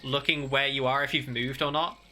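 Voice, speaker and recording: A man's voice: mid-range voice, flat delivery, fairly quick, background noise. A man with a British accent, narrating a tabletop game as game master in a hesitant, filler-heavy way.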